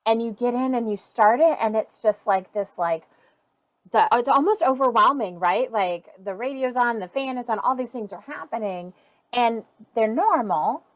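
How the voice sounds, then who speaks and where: A woman hosting an interview, animated and thinking aloud, often restarting her sentences. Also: fairly high pitch, moderate pace, no room sound, rough recording. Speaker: podcast host. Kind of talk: conversational interview.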